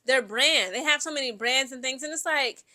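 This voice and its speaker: A young adult woman, giving casual, opinionated commentary in an animated way, full of filler words. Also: high-pitched, normal speed. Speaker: commentary vlogger.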